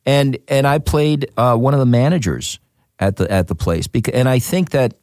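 A man's voice: mid-range voice, normal speed, no echo, clean studio sound. A man, an actor, chatting casually in an interview and telling stories with lots of fillers. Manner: animated, storytelling with many fillers. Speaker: actor guest.

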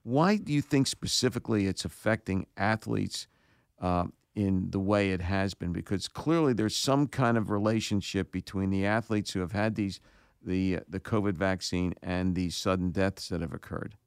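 A male talk show host, speaking haltingly and repeating words as he chats. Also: low-pitched, clear, resonant tone, dry recording, studio quality. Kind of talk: casual radio talk.

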